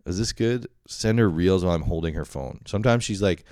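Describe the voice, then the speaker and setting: A man's voice: sits low, brisk, hardly any pauses, a little mellow, no echo, clean studio sound. A young man hosting a podcast, talking in a rambling, profane, self-deprecating way and often laughing. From Canada. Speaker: podcast host. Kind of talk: casual solo podcast monologue.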